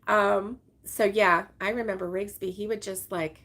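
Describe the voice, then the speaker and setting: Woman, crochet stream host, rambling chatty talk, laughs often, mid-pitch voice, at home. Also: fairly even intonation, normal speed, a bit bright. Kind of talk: casual livestream chat reading viewer comments. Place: her home, with dogs around.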